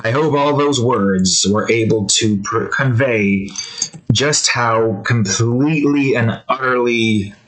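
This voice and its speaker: A man's voice: medium pitch, slow pace, a bit bright, low-quality recording. A young man chatting casually while he draws, rambling and joking, swearing offhandedly and talking to his cat. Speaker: digital artist drawing on his channel.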